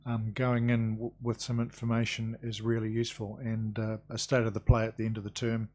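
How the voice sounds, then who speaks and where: A man chairing a council committee meeting, brisk and procedural with dry quips. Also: fairly low pitch, monotone, a little mellow. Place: council chamber.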